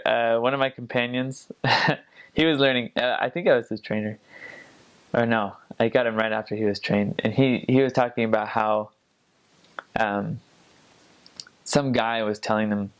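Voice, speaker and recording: A young man who served as a missionary tells stories in a casual, rambling way, full of fillers and restarts. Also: on the low side. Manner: rambling, many fillers and restarts, imitates accents. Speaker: returned missionary. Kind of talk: casual storytelling.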